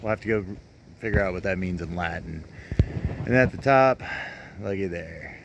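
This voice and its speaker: Rambling low-voiced man vlogging outdoors. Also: moderate pace, creaky, noisy background. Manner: rambling, casual, full of fillers. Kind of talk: casual walking vlog commentary. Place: outdoors in a city park.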